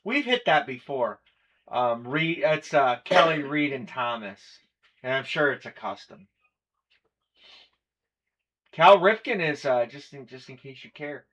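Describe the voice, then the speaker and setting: A man's voice: mid-range voice, big pitch swings, unhurried, pauses often, fairly bright tone, lo-fi sound. A man hosting a live collectibles stream, chatting casually and running through a list of players and teams. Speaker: stream host. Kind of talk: live breaking stream chat.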